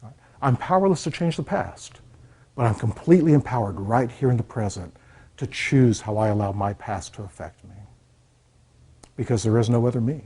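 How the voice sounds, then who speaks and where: Husky-voiced man coaching students. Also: medium pitch, animated, moderate pace, mellow. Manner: earnest, repeats key points, checks in with "okay?". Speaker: college counselor. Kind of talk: classroom talk to students.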